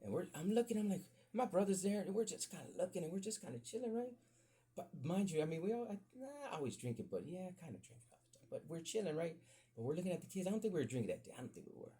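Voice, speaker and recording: A man's voice: sits high, big pitch swings, racing, dark tone, breathy edge. A man casually telling rambling, profane stories on a podcast and acting out the quoted voices of his family. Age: adult with children. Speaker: podcast host. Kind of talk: casual storytelling.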